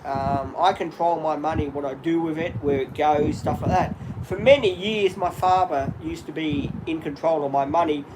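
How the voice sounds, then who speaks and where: A man in his fifties chats on a live stream from his home, his voice sitting a little high for a man. He rambles openly and speaks straight to his viewers as "guys". Steady background noise, clicks and a passing vehicle sit under his voice. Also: moderate pace, few pauses. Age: 50s. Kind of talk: candid live-stream chat.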